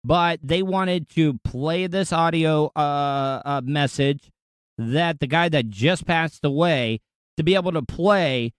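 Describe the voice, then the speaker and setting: A man's voice: fairly high pitch, takes it slowly, smooth, no room sound. A man hosting a podcast, telling candid stories in a blunt, sometimes profane casual monologue. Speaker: podcast host.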